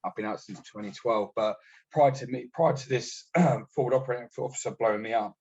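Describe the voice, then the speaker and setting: A British army veteran telling war stories in a casual, blunt and sweary way, acting out what others said. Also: male voice, medium pitch, brisk, darkish tone, slightly rough. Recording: dull lo-fi podcast audio.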